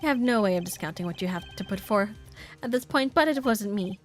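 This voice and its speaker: A woman's voice: lively intonation, soft background music, close to an everyday voice. A woman doing a cool, dry male prosecutor. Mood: measured. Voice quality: low, measured, restrained. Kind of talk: reading game dialogue aloud on stream.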